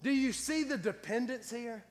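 Impassioned high-voiced preacher in echoing hall. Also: male voice, normal speed. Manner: impassioned, rising to loud cries. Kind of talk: sermon.

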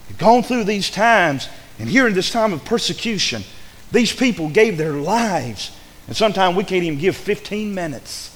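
Male preacher, higher voice, emphatic sermon delivery with hushed asides, church hall reverb. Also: sing-song, moderate pace. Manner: emphatic preaching, repeats words, swings between loud and hushed.

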